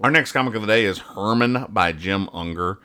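A man's voice: on the low side, a little fast, bright, forceful tone, clean tone. A man co-hosting a comedy podcast, rambling and over-explaining the jokes in comics. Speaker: podcast co-host. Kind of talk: casual comedic chat.

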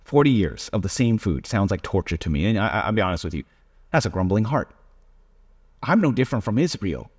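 A man's voice: lowish voice, sing-song, fairly quick, a little mellow, slightly rough. A man preaching a sermon in a conversational, self-deprecating way, with many fillers. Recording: reverberant hall.

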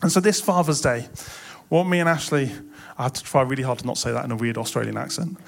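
A man's voice: medium pitch, fast, creaky. A young man preaching a sermon in a church, impassioned and building to emphatic swells.

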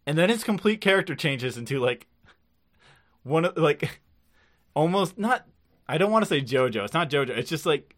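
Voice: mid-range voice, big pitch swings, moderate pace, pauses often. A podcast co-host recapping episodes in casual chat, rambling with lots of filler words and frequent laughs.

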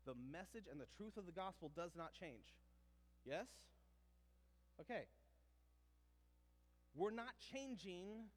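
A man's voice: on the high side, big-room sound. A man preaching a sermon in a conversational way, with asides and quoted exchanges.

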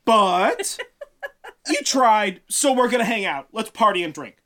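Casting: taunting giant king, smug, animated pitch, man performing. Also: takes it slowly, full character voice.

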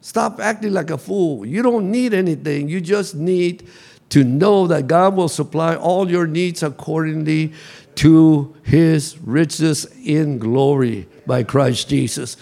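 High-voiced, gravelly male pastor preaching. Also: slow. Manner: call-and-response preaching, rising to shouts. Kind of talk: sermon. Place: church sanctuary.

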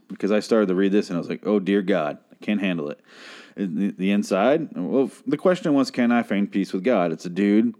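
A man's voice: fairly low pitch, dark tone. A man hosting a solo podcast, reading aloud and commenting with profane, sarcastic ranting. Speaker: podcast host.

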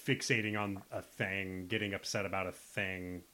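A man's voice: deep voice, fairly even intonation, moderate pace, sharp tone, slight background noise. A man in casual podcast conversation, talking in a rambling, frank way and swearing now and then.

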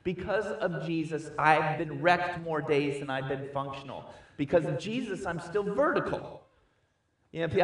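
A man preaching a sermon, emphatic and swinging from quiet reflection to loud declarations, recorded at a distance in a church hall. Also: high voice, normal speed. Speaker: pastor. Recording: echoey room, distant mic.

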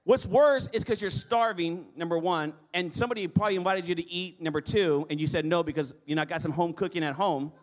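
Man, pastor, high voice, lively sermon, asks for amens. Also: brisk, few pauses. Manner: lively preaching with call-and-response amens.

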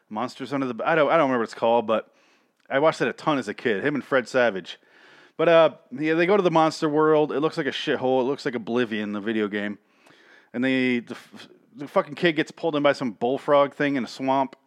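A man's voice: medium pitch, no room sound. Crude rambling man, dry sound. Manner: rambling, crude, increasingly exasperated ranting. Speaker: comedic recapper. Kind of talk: profane comedic cartoon recap.

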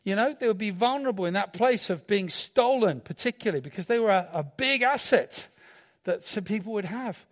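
A man preaching a sermon in a playful, animated way, joking with the congregation. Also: high voice, fairly quick.

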